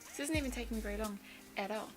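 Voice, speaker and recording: A woman's voice: fairly high pitch, racing, poor audio. A young woman in her twenties, chatting enthusiastically as she walks through a makeup tutorial step by step. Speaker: beauty vlogger. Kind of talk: casual makeup tutorial narration. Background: background music.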